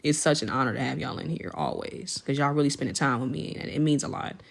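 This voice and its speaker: A woman hosting a casual livestream, chatting with viewers, thanking and shouting them out by name in an effusive, slangy way. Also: fast, vocal fry. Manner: jumps to high excited pitch when celebrating. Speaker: livestream host.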